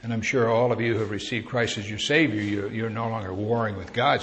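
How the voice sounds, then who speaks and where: A man's voice: on the low side, steady tone, brisk, fairly bright tone. A man preaching a sermon in a conversational teaching style, asking his listeners questions and lifting his voice on key words. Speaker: pastor.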